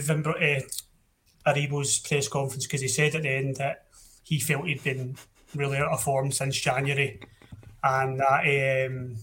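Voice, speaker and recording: A man's voice: medium pitch, flat delivery, moderate pace, fairly bright tone, slight background noise. A young Scottish man hosting a casual football podcast, blunt and opinionated, often restarting his sentences. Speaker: podcast host.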